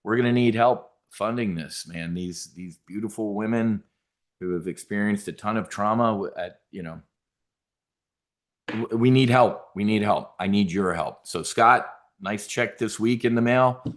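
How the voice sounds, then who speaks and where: A man's voice: fairly low pitch, moderate pace. A middle-aged man hosting a trading show, giving blunt, profane, rambling live market commentary.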